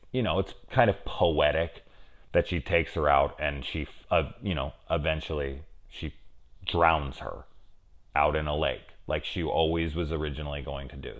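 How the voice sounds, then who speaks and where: Man, very deep voice, casual review talk, rambling, unsure, loud then mumbled. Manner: rambling, unsure, thinking aloud with many fillers; swings from loud excited questions to low mumbles. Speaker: TV review host. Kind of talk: casual spoiler discussion.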